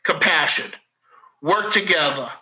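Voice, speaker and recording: A man with a Boston accent, a podcast guest talking casually in a profane, rambling, animated way. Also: a little high, measured pace, poor audio. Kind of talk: casual chat.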